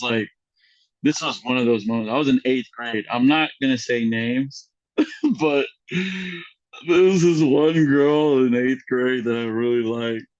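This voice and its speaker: A young man of average pitch spins a long, rambling story in casual podcast chat. He acts out the lines of other people, so his pitch shoots way up. The sound is close and dry, with a slightly muffled top end. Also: no room sound. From Mexican heritage. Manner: animated, acts out quotes with big voice jumps, lots of fillers. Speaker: podcast guest.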